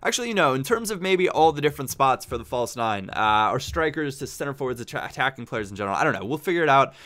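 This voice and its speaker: A man's voice: mid-range voice, very animated, fast, a bit bright. A man hosting his gaming channel, giving casual, chatty commentary over his football match and thinking aloud as he plays. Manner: chatty, upbeat, thinks aloud while playing.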